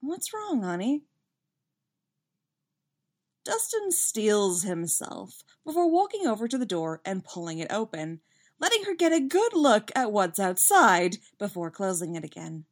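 A woman reading a fan story aloud with lively, expressive narration. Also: medium pitch, moderate pace. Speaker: fanfiction reader.

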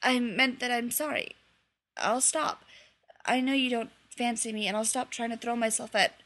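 A woman's voice: a little high, fairly even intonation, normal speed. Woman doing Sirius, a brash lovestruck boy. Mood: flustered. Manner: loud, exasperated outbursts.

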